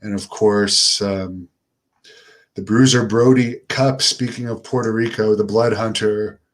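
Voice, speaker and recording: A middle-aged man from Canada hosting a casual live stream, answering viewer questions in a relaxed, unenthusiastic way. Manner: relaxed, low-key and unenthusiastic delivery.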